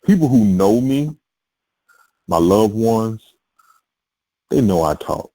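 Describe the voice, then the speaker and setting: A man's voice: lowish voice, animated, slow pace, dark tone, poor audio. A man hosting a casual conversation, laid-back and slangy, stumbling over his words as he starts sentences. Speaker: podcast host.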